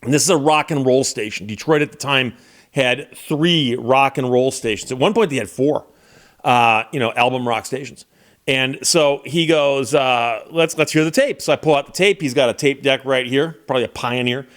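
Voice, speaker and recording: A man's voice: medium pitch, moderate pace, fairly bright tone. A man hosting his channel, telling a personal story in a casual, conversational way and acting out the voices he quotes. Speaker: channel host.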